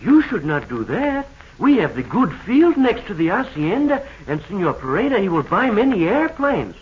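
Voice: medium pitch, very animated, normal speed, husky. An actor playing a cheerful boy with a Spanish accent in a 1930s radio serial, with a bubbly, enthusiastic manner. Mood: excited. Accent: Spanish-accented English. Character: cheerful Latin American boy. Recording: dull old radio transcription.

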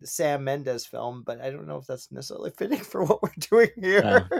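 A man co-hosting a casual podcast, talking with excitement and repeating himself for emphasis. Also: on the high side, normal speed, creaky. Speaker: podcast co-host. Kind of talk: casual chat.

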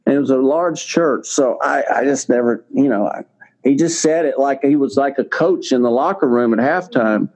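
A man's voice: mid-range voice, normal speed, a little mellow. An older man, a guest in an interview, telling a personal story in a rambling way, repeating words and using many fillers. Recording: slightly dull lo-fi recording.

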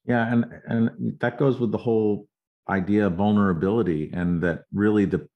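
A man's voice: fairly low pitch, fairly even intonation, moderate pace. A man hosting an interview, affirming his guest and reflecting on what was said. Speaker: interviewer, host. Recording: dull lo-fi sound.

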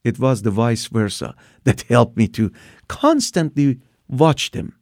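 Man in his sixties, gravelly voice, dry close sound, animated storytelling. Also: medium pitch, a little slow, no room sound. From Iran. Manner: animated retelling with acted-out quotes. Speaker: guest telling his testimony. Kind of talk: personal storytelling.

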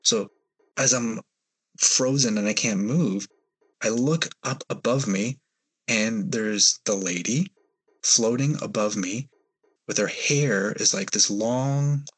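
Male podcast guest, low husky voice, rambling storyteller with fillers. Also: slow pace. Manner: hesitant, rambling retelling with fillers. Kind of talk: storytelling in an interview.

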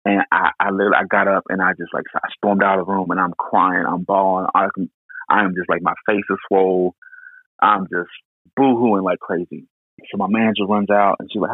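A young man from Houston, Texas, telling a personal story in an earnest, halting way with many restarts. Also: deep voice, breathy edge, no room sound. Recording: tinny phone-like line.

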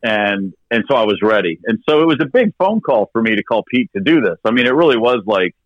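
A man's voice: fairly low pitch, big pitch swings, fast talker, no room sound, highs cut off. A man in his fifties, a rock drummer guesting on an interview, telling a story animatedly and swearing casually. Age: 50s.

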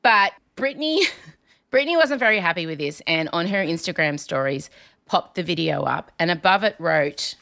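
Woman host, bright tone, animated gossip chat, laughs easily. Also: normal speed, creaky. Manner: animated, laughing, jumps high in pitch when excited. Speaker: podcast host. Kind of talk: casual celebrity gossip chat.

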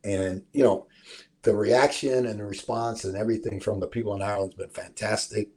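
Casting: low-voiced, husky man with a head cold, relaxed sports podcast host who rambles. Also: a little fast. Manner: laid-back, rambling with many fillers. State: hoarse from a cold. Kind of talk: casual sports chat.

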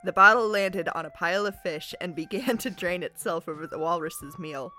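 A woman podcast co-host reading a comic story aloud with a giggly, animated delivery. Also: fairly low pitch, moderate pace, soft background music.

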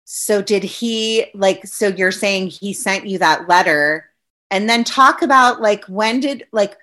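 A woman hosting a casual interview, asking loose, halting questions full of fillers. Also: mid-range voice, bright, forceful tone.

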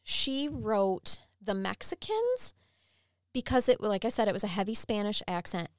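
A woman co-hosting a podcast, telling a true-crime story in a chatty, animated way and laughing often. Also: medium pitch, measured pace, no echo, studio quality. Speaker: podcast co-host.

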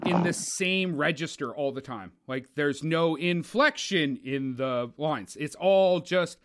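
Animated high-voiced man reviewing films. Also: unhurried. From Canada. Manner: opinionated, animated, swears, mocks with put-on voices. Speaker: podcast co-host. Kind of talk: casual film review chat.

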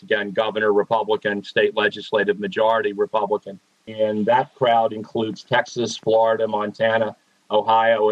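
A man from Pennsylvania, a guest on a radio interview, explaining things in a measured way with frequent "uh" fillers. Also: lowish voice, no echo, highs cut off. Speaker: political analyst guest.

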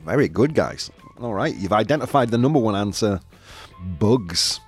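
A man's voice: fairly low pitch, animated, normal speed, soft background music. A man with a Yorkshire accent hosting a playful live-stream quiz, teasing and laughing with the chat. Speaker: host.

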